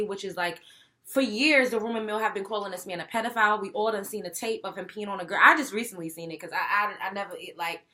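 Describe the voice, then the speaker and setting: A young woman, hosting a talk show and giving blunt, profane opinions. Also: mid-range voice. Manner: blunt, profane, animated, mimics others. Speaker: show host. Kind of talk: opinionated commentary.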